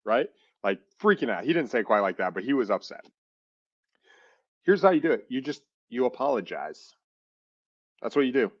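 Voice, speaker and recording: A man co-hosting a podcast in casual chat, telling stories in an animated way and acting out phone calls. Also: medium pitch, moderate pace, pauses often, breathy edge, no echo, dull audio. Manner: animated, acts out phone calls, says "dude" and "like" a lot. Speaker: podcast co-host and real estate investor.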